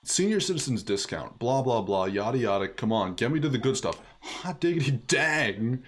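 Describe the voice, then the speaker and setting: A man's voice: lowish voice, expressive, fairly quick, slight background noise. A man streaming a video game, joking and swearing casually as he reacts and reads along. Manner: swears freely, laughs at the game. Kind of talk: casual gameplay commentary.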